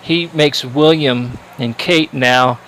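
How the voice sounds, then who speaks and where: A man's voice: mid-range voice, slow, a bit bright, slight background noise, poor audio. A male sports livestream commentator making casual chat, telling a rambling story full of fillers and restarts.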